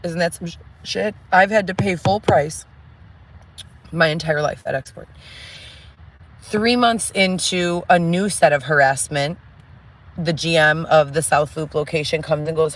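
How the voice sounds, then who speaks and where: A woman's voice: low-pitched, measured pace, long pauses. A woman vents straight to camera in a candid monologue. She talks bluntly and with heavy emphasis, swears freely and stacks one grievance on the next. Her sentences ramble, restart and run into long lists. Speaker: vlogger telling personal stories.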